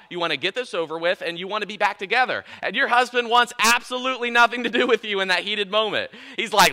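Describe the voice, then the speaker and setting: A man preaching a sermon, animated, now and then acting out the inner voices of spouses. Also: high-pitched. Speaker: pastor.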